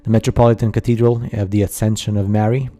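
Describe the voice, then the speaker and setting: Dark-voiced man, halting skeptical narration. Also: lowish voice, little pitch movement, faint music behind. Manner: halting, many fillers and restarts, skeptical asides. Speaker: narrator of a slideshow video. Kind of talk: casual voice-over commentary.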